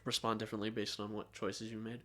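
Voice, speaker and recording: This man co-hosts a podcast in relaxed, conversational banter. He teases his partner with a dry, joking edge. He often hesitates on filler words before getting to his point. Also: lowish voice, fast. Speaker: podcast co-host. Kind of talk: casual chat about video games.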